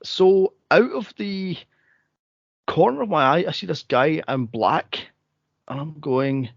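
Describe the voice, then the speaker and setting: A Scottish man, a podcast co-host, telling a spooky story in casual chat, animated and swearing freely. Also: fairly high pitch, takes it slowly, creaky, no room sound, dull audio. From Scotland.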